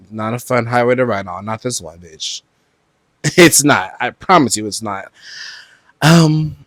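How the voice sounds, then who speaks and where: A man from Brooklyn hosting a solo podcast, talking in a profane, animated way with loud outbursts and laughter. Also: medium pitch, dry recording. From Brooklyn, New York. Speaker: podcast host. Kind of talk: solo casual podcast chat.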